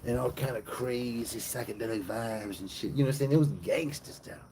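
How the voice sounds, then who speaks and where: A man streams a comic retelling of a bible story, swearing freely and leaning on slang. His voice is gravelly and mellow-dark, at a middle pitch. He keeps the telling loose and animated. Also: brisk, a little hiss or hum, rough recording.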